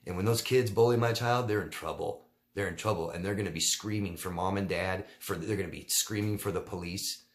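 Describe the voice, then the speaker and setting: A man's voice: sits low, fairly even intonation, fairly quick, few pauses. A man coaching viewers in a casual Q&A monologue, blunt and emphatic, often repeating his key words for force. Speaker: relationship coach answering viewer questions.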